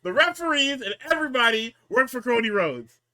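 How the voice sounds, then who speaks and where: A man with a high, bright, forceful voice that swings widely in pitch, co-hosting a casual wrestling recap. He talks profanely and acts out each quote with big shifts between low mutters and loud outbursts. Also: expressive, brisk, clear, resonant tone. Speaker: podcast co-host.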